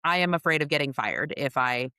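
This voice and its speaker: A woman with a somewhat low voice co-hosts a casual podcast, telling lively stories and laughing often. Her sound is dry and close, with no room around it. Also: fairly quick, clean tone, no echo. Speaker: podcast co-host and coach. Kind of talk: casual conversational storytelling.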